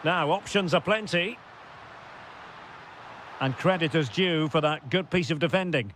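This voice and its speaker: Guy doing football game commentary, high bright voice, gets shouty on goals. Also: a little slow, slight background noise. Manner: excitable, bursts into shouts at goals and saves; short clipped calls of player names. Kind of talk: video game play-by-play commentary.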